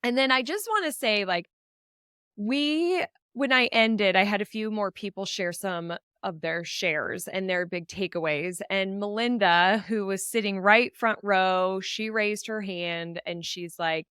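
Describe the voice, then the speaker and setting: A woman hosting a podcast, talking enthusiastically and warmly on her own about her business event. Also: medium pitch, clear, resonant tone, dry recording, clean studio sound. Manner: enthusiastic, upbeat, heartfelt. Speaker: podcast host. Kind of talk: solo podcast recap.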